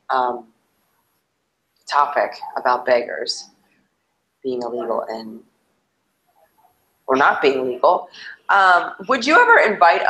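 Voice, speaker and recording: A woman's voice: deep voice, poor audio. A young woman teaching English in a casual conversation lesson, chatty and easygoing. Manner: chatty, lively intonation, says she changes tone all the time.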